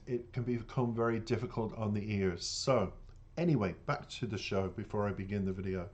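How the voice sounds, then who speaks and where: An Irish man with a lowish, darkish voice speaks at normal speed in lo-fi sound. Hosting a reaction channel, he delivers a casual monologue to his viewers, earnest and indignant, calling them "dears".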